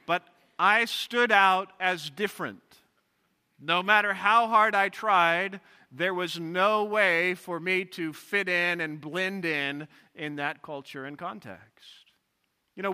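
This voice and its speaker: Man, pastor, expository sermon, fairly high voice, very bright tone, long hall reverb. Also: smooth. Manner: reads scripture aloud and explains it with personal stories. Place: large church sanctuary.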